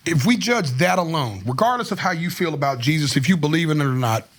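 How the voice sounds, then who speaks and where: A man's voice: fairly high pitch, lively intonation, fast, fairly bright tone. A man, a guest musician telling stories in a candid, rambling, slangy way full of "like" fillers, recorded on a studio microphone. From Tennessee, US. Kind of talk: casual storytelling interview. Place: podcast studio.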